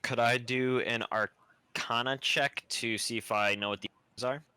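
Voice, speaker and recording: A man's voice: medium pitch, steady tone, normal speed, sharp tone, smooth. A man playing in a tabletop game, asking laid-back, curious questions about his surroundings. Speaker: player. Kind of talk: casual tabletop game play.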